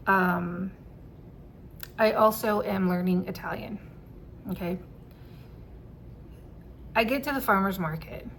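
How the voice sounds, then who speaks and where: A woman telling a personal story to camera in a casual vlog, candid and quick to swear and laugh. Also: lowish voice, slight background noise. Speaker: vlogger.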